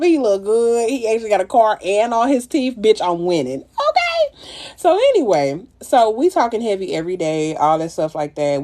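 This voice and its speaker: An animated woman, telling a story on a phone livestream while she does her makeup. Her pitch swings wildly, leaping high whenever she exclaims. Casual and profane throughout. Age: 30s.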